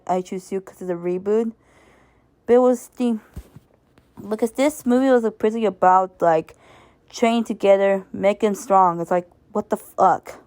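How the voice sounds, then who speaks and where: A woman's voice: mid-range voice, a little mellow, smooth, dry recording. A woman giving a casual, rambling spoken review, stumbling and restarting often and laughing as she goes. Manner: sentimental, laughs while talking. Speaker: video reviewer.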